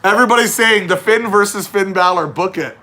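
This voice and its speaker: A man's voice: sits high, fairly quick, sharp tone. A man hosting a casual livestream chat, reading viewer questions aloud and teasing his guest. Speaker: livestream host.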